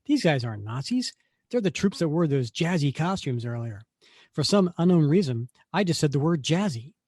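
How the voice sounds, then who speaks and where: A man's voice: fairly high pitch, big pitch swings, normal speed, darkish tone, no echo, clean studio sound. A man reading the lines of an earnest male superhero in his own plain voice. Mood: wry. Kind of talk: reading a comic aloud.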